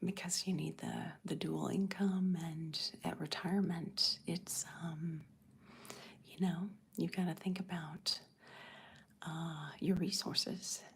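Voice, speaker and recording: Breathy whispering middle-aged woman. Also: fairly low pitch, steady tone, takes it slowly. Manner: soft whispering, reading and answering chat. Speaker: ASMR livestream host. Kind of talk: whispered live chat.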